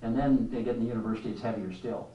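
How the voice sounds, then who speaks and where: Fast-talking older man giving a motivational talk. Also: medium pitch, roomy sound, distant mic, dull audio. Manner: animated storyteller, asks the room rhetorical questions. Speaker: leadership speaker. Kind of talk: motivational speech to a live audience.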